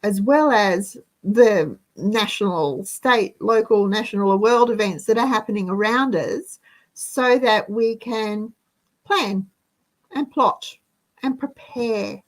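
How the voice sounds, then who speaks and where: Slow-talking woman host. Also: mid-range voice, rough recording. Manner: chatty, reads out viewer comments. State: out of breath. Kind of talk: casual live-stream chat.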